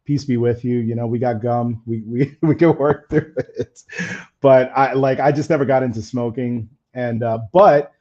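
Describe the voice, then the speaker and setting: This man hosts a camera-gear live stream and chats in a candid, casual way. His mid-range voice is mellow and a little faded, with a steady tone and moderate pace, and the highs are cut off.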